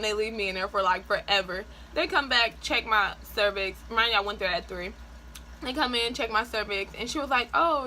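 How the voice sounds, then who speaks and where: A woman vlogger telling a personal story in a casual, animated way, full of "like" and quick laughs. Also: fairly high pitch, slight background noise, poor audio. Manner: chatty, animated, frequent "like" and laughs.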